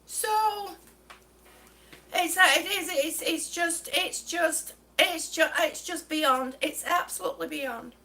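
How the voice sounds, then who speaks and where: A woman with a very high, bright voice vents to her viewers in a slow, drawn-out way. She is short of breath and keeps stumbling and repeating herself, plainly exasperated by the story she is telling. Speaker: vlogger. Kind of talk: ranting story to camera.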